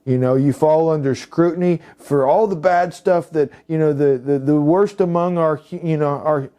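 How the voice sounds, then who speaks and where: In a recorded talk to police officers, a man presenting for a healing services group rambles along, full of "you know"s, fillers, and restarts. His voice sits fairly high, smooth and dark in tone, at a normal speed.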